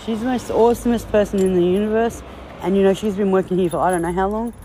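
A woman's voice: mid-range voice, fairly even intonation, fast, mellow, a little hiss or hum. A woman vlogging casually on a phone from a car and a clinic, blunt, joking and full of swearing. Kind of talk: casual vlog chat.

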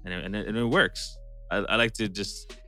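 A man with a very deep voice chats casually about producing records. He laughs often and slips into quick impressions of the artists he works with. Faint music plays behind him. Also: fairly even intonation, sharp tone. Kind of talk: casual podcast chat.

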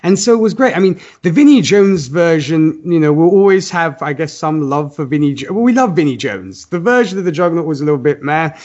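A man's voice: a little high, animated, a little fast, hardly any pauses, a little mellow, muffled recording. A man hosting a casual movie discussion, leading the talk and putting questions to the others. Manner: leads the talk, asks co-hosts questions. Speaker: podcast host.

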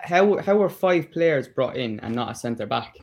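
A man on a football podcast panel cuts in to press a point with a pointed question. He also adds quick counterpoints to the discussion. His voice sits at an ordinary, middle pitch. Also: expressive.

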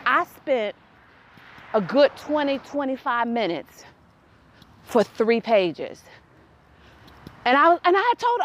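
A woman hosting her own podcast, telling a casual story in an animated way, laughing and reenacting dialogue with growing exasperation. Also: high-pitched, a little slow, long pauses. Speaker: podcast host.

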